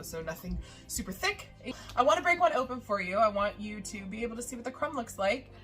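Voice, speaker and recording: In her home kitchen, a woman who runs a baking vlog talks through a recipe in a loose, chatty way, laughing and saying "uh" a lot as she wanders off topic. Her mid-range voice has a slightly bright quality.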